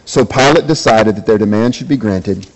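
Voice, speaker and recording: A pastor reads scripture during his sermon at a moderate pace, peppering listeners with repeated rhetorical questions. He acts out quoted lines with rising pitch. The recording is low in quality.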